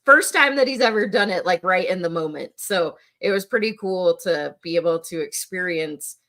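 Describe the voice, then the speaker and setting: A middle-aged woman talking casually as a podcast guest, loose and full of fillers, lively when retelling things. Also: fairly low pitch, normal speed. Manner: conversational, filler-heavy, animated when quoting her son. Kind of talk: casual conversation.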